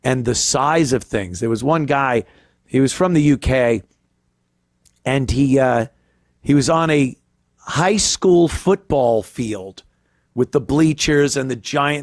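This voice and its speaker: Slow, crude-talking male podcast host. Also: mid-range voice, dry recording, studio quality. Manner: crude, profane and rambling. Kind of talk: casual comedy podcast rant.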